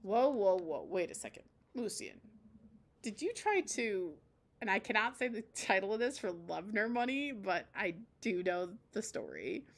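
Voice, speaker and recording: A woman's voice: mid-range voice, expressive, measured pace. A woman streamer reading a dating game aloud, with casual, chatty asides between the lines.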